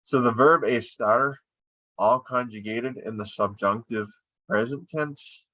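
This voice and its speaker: A man's voice: medium pitch, slow, sharp tone, no room sound. A man teaching verb forms in a screen-recorded lesson, explaining unhurriedly as he draws on screen. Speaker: Spanish teacher. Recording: dull lo-fi dry sound.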